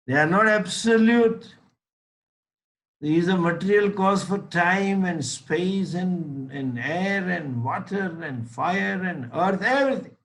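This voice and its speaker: This low-quality recording captures a man whose voice sits high, sounding expressive and a bit bright. As a teacher giving a spiritual lecture, he is deliberate, anecdotal, and emphatic, driving home his points with a story.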